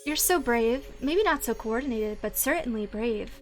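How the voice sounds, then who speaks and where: A woman reads out a cold female ghost from a dating game, her voice dropped lower and hushed. Her line delivery stays slow and soft, tender on the surface with menace underneath. Faint music hums behind her. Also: expressive, close to an everyday voice. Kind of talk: reading a dating game's lines aloud.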